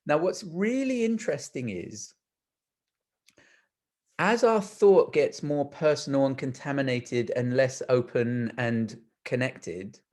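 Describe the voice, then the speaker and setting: A man's voice: mid-range voice, slow, darkish tone. Earnest man thinking aloud in a Q&A. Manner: earnest, thinks aloud with frequent repeated words and restarts. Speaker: guest speaker in a Q&A. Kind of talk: reflective explanatory talk.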